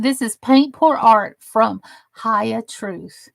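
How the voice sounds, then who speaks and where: A woman chats through a casual crafting live stream, her voice gravelly with vocal fry. She takes her time over each thought and admires every piece she holds up. The recording is close and dry, with no room sound. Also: fairly high pitch, drawn-out words, no room sound. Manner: gushing and admiring, chatty asides.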